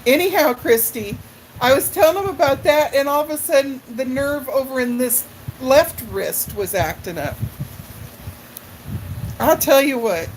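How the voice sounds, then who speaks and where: Woman, middle-aged, stream host, casual rambling chat, answers viewers by name, slow unhurried delivery, faint background noise. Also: high voice, animated, rough recording. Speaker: livestream host.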